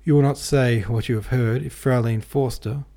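A man's voice: mid-range voice, steady tone, normal speed, mellow, lightly acted. A man reading aloud, voicing a distressed, pleading middle-aged German landlady in a storybook. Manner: pleading, anxious.

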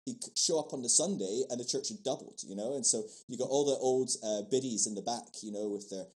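A man's voice: mid-range voice, fast talker, a little mellow, rough recording. A man from Scotland with a blended Scottish, English and American accent, telling stories as a podcast guest, chatty and laughing often, with many fillers and restarts. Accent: mixed Scottish, English and American. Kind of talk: casual conversational storytelling.

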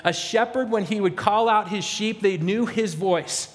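A man with a notably high voice preaches a sermon, earnest and emphatic as he addresses his congregation. His words ring out with a long reverb, as if in a large hall. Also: measured pace. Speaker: pastor.

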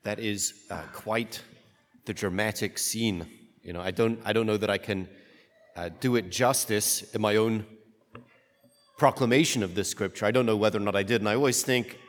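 A man's voice: fairly low pitch, moderate pace. A man, a priest, reading the gospel and then giving a homily in a conversational way, often asking "right?". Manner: conversational, asks rhetorical "right?". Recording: long reverb of a large room.

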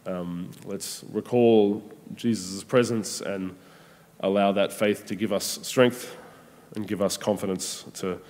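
A man preaches in an easy, conversational way, often pausing and restarting his thoughts. His voice sits on the low side. A long reverb trails his words, as in a large hall. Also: fairly even intonation. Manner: gentle, conversational, with frequent ums and restarts. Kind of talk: sermon reflection.

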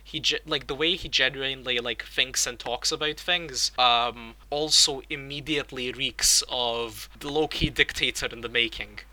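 A man's voice: medium pitch, normal speed, few pauses, bright, forceful tone, low-quality recording. A man, a podcast co-host rambling through a casual book discussion, restarting his sentences and laughing often.

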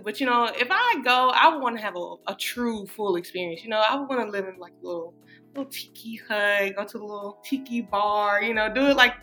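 A woman's voice: medium pitch, sharp tone. A woman, chatting casually as a podcast co-host, rambling and laughing often. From Atlanta, USA. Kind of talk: casual chat.

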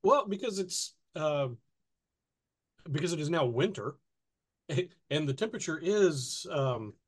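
Lively, laughing woman co-host. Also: sits low, slow pace, slightly rough. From North Alabama, US. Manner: hesitant, lively, laughs easily. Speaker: podcast co-host. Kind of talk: casual chat.

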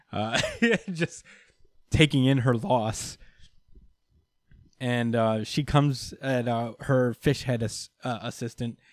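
A man's voice: medium pitch, dry recording, clean studio sound. A man casually recapping a comic book story, full of fillers, laughter and swearing. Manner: laughs often, many fillers, swears freely. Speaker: podcast host.

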